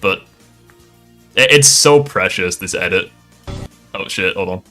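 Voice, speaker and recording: A man's voice: low-pitched, expressive, measured pace, bright, forceful tone, faint music behind. A man hosting a casual reaction chat, rambling, laughing and swearing often. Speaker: streamer host.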